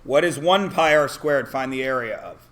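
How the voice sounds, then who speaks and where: A man's voice: medium pitch, normal speed, a bit bright. A man teaching a math class, asking the students questions and often answering them himself. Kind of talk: classroom lesson.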